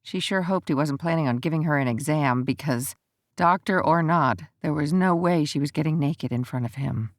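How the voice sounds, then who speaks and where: A woman narrating a romance audiobook in an even, measured storytelling manner. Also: deep voice, no echo, studio quality.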